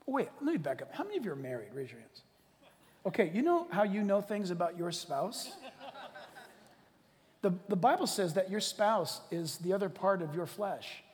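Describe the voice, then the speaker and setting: High-pitched guy preaching in a church, jokey, loud then quiet, long reverb on it. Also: moderate pace. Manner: animated and joking, swings from loud to hushed. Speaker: pastor. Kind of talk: sermon. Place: church hall.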